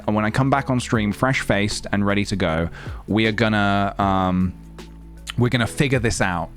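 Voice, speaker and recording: A man streaming late at night in casual, rambling, wry chat. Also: on the low side. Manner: rambling, wry, self-mocking.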